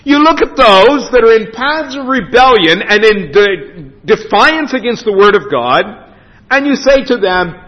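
A man preaching a sermon as pastor in a church, emphatic with dramatic pauses. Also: sits high, very animated, a bit bright. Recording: dull lo-fi sound with long hall reverb.

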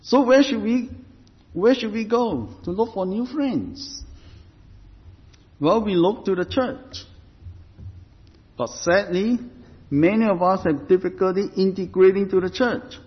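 A man with a fairly high voice delivers a sermon slowly and deliberately, repeating phrases as he develops each point. The audio is dull, with a long hall reverb trailing his words.

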